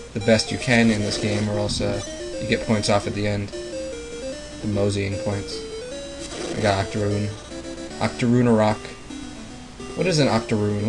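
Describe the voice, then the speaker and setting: A man with a lowish voice talks through a video game in a loose, rambling way, tossing out puns and silly wordplay. Loud game music runs under his voice the whole time. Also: rough recording. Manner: playful, punning and rambling. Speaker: let's play host. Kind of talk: casual gameplay commentary.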